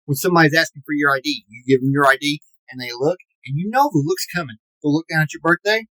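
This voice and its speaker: A man's voice: a little high, bright, forceful tone, no room sound, rough recording. Indignant man in his forties ranting. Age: 40s. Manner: indignant and self-pitying, with drawn-out dramatic emphasis. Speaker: aggrieved podcast fan. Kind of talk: mock-serious comedic rant.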